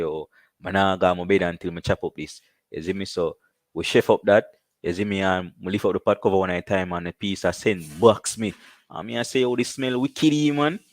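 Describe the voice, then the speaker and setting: A Jamaican man hosting a casual live stream, chatting loosely and giving shout-outs to viewers. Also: low voice, no echo.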